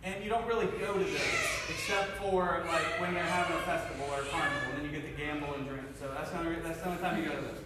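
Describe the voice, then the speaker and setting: Guy from cincinnati giving his testimony, kinda high voice, big echoey hall, mic far off. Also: fast talker, few pauses, heavy background noise. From Cincinnati, USA. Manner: intense storytelling, swinging between loud and hushed. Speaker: speaker sharing his testimony. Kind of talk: personal testimony to an audience.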